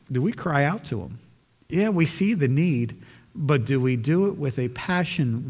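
A man's voice: fairly high pitch, in a large hall. A man preaching a sermon, earnest and pleading, building to emphatic questions.

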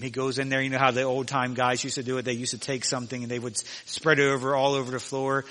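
Bright-voiced preaching man in a hall. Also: medium pitch, fairly even intonation. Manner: emphatic preaching, slows down to read scripture. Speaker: pastor. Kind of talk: sermon. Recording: long reverb of a large hall.

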